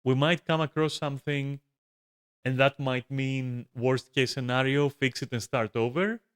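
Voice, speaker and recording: A man's voice: medium pitch, fairly even intonation, unhurried, smooth. Rambling, cursing male streamer at home. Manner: swears a lot, frequent restarts and filler likes. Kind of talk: casual rambling rant. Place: room at home.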